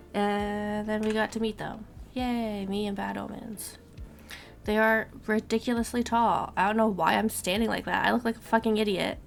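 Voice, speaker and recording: A young woman streamer chatting casually and rambling to her viewers, swearing now and then, with a gravelly voice. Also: medium pitch, slight background noise.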